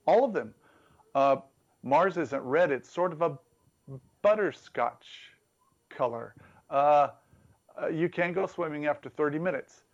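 A man preaching with a slightly higher voice, talking with his listeners rather than at them. He plays with repetition and a teasing tone. The sound is dull and a bit muffled. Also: unhurried, long pauses. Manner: conversational, playful, builds through repeated phrases. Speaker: pastor. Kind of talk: sermon.

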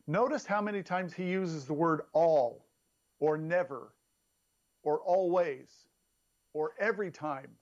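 A man delivers a sermon with emphatic, animated energy, his pitch rising sharply when he stresses a point. His voice sits slightly high for a man. The recording is somewhat dull and lo-fi. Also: measured pace, pauses often. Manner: emphatic, animated preaching with sudden rises in pitch. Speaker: preacher.

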